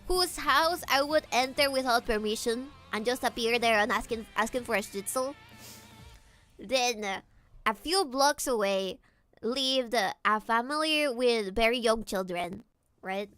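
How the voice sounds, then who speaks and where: A woman streamer chatting casually with her viewers, animated, laughing often and swearing freely, with faint guitar music behind. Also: on the high side, unhurried, dry recording. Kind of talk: casual livestream chat.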